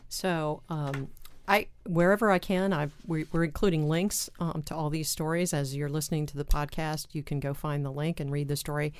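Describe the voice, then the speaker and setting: A woman's voice: deep voice, steady tone, normal speed, clean tone, dry recording. A woman hosting a podcast, chatting loosely with fillers and then reading the sign-off. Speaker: podcast host.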